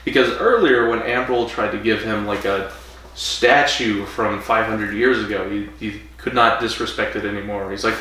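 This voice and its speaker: A man co-hosting a casual podcast chat, recapping an episode and acting out characters' lines in quick put-on voices. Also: lowish voice, steady tone, bright, forceful tone. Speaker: podcast co-host. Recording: echoey room, far from mic, faint hiss.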